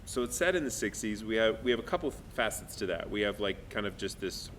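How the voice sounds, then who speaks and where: A man's voice: on the low side, animated, quick pace, a bit bright, a little hiss or hum. A man, the director of a stage play, talking with his actors in a casual talkback, enthusiastic and often restarting his sentences. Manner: enthusiastic, self-interrupting.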